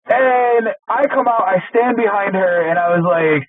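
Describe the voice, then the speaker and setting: A podcast co-host with a high-pitched voice tells a heated, profane story from work in a casual chat, stammering and starting over as he goes. He's unhurried yet hardly pauses, and there's no room sound, though the audio is tinny and lo-fi like a phone.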